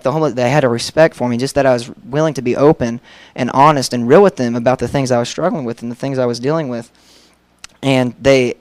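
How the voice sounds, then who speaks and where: A man's voice: medium pitch, no echo. A young man preaching a personal testimony, telling his story candidly and acting out the dialogue, with many fillers.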